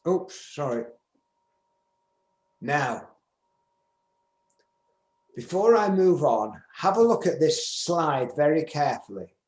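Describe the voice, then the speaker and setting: A man's voice: on the high side, very animated, slow, long pauses, darkish tone. A man in his seventies from Manchester with a northern English accent, giving an emphatic conference talk and acting out sample conversations. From England, Manchester. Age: 70s. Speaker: business skills speaker. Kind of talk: conference presentation. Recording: roomy echo.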